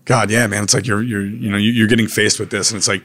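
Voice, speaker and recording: Male chef in casual interview: low voice, easygoing but blunt, slangy. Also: flat delivery, quick pace, few pauses, a bit bright. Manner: laid-back, blunt, peppered with "man" and "dude", occasional swearing. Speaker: chef and restaurateur.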